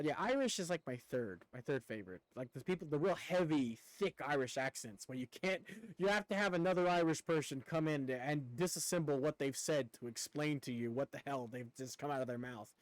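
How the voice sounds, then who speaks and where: A man's voice: mid-range voice, no echo. A man from the United States chatting casually on a live stream, rambling and cursing offhandedly.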